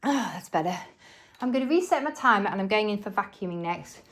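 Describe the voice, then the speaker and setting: A woman from England chatting to viewers as she cleans her farmhouse, slightly out of breath and hoarse from talking. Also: mid-range voice, expressive, a little fast, a bit bright. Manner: chatty, talks to viewers while working, trails off and restarts. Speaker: cleaning vlogger. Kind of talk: casual chat while cleaning. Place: farmhouse kitchen and utility room, indoors.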